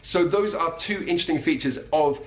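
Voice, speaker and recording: A man teaching about accents, explaining clearly and repeating words to show how they sound. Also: a little high, fairly quick. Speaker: accent coach. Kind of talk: explanatory video lesson. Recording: roomy echo.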